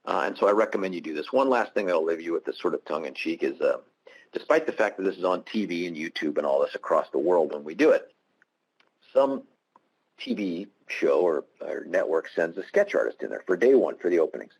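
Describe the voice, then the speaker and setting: Low husky-voiced man presenting. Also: sing-song, fairly quick, a little mellow, rough recording. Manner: candid, anecdotal, self-deprecating humor. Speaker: prosecutor presenting a webinar. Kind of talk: webinar presentation.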